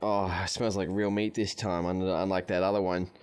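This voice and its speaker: A man's voice: sits low, flat delivery, moderate pace. A young man playing a VR game for laughs, exasperated and swearing often. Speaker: VR gaming YouTuber. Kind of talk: comedic VR gameplay banter. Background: game music.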